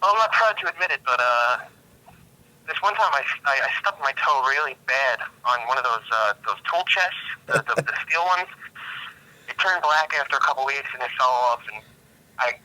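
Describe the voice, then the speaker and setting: A man from the American Pacific Northwest, a podcast guest telling absurd stories in a deadpan, halting way. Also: mid-range voice, no room sound, low-quality recording. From United States, Pacific Northwest. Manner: deadpan, absurd joking with hesitant restarts. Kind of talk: comedic podcast interview.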